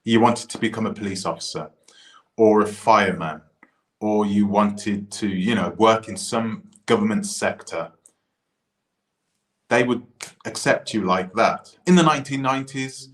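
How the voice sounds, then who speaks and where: A man from the United Kingdom giving a casual opinion monologue, animated and full of restarts and asides. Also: on the low side, unhurried. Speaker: commentator. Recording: roomy echo.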